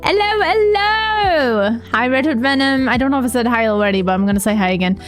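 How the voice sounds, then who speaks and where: Bubbly high-voiced woman streamer. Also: racing, soft background music. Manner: bubbly, greets chat by name. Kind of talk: live-stream chat with viewers.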